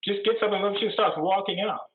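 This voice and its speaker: A man's voice: high voice, fairly even intonation, brisk. A male priest telling jokes and chatting playfully as a guest on a video call. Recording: tinny echoey video call.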